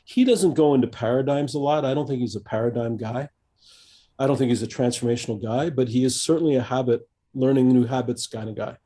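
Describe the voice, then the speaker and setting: Reflective older American man, mellow voice. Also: mid-range voice. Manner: reflective, halting with many fillers and restarts. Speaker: coach, podcast guest. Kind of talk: conversational interview.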